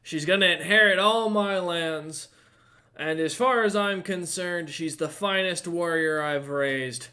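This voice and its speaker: A man's voice: on the high side, lively intonation, brisk, hardly any pauses, voice pushed up. A man voicing a drunk, boastful old lord who slurs his words in a tabletop game. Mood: boisterous. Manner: loud, slurring, gruff.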